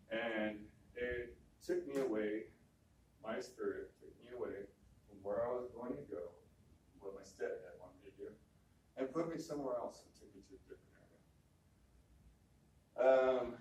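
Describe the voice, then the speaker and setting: A man telling a personal story in a relaxed, conversational way, often repeating words and quoting other people. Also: mid-range voice, slight background noise. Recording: echoey room from a distance, faint ambience.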